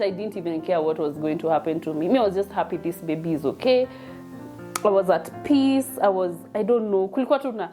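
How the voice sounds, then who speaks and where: A woman's voice: mid-range voice, mellow. A young woman with a Kenyan accent telling a personal story in a chatty, emotional way, mixing English and Swahili. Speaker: vlogger telling her birth story.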